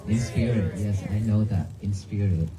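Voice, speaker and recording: A man's voice: fairly low pitch, moderate pace, music in the background, poor audio. A man, a monk giving an earnest sermon to a crowd in a church cemetery, speaking in simple phrases and asking them questions. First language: Vietnamese. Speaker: monk giving a dharma talk.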